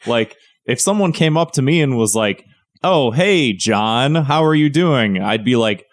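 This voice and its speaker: A man's voice: medium pitch, animated, a little slow. A young man co-hosting a podcast, rambling and swearing in casual chat with lots of fillers. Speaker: podcast co-host.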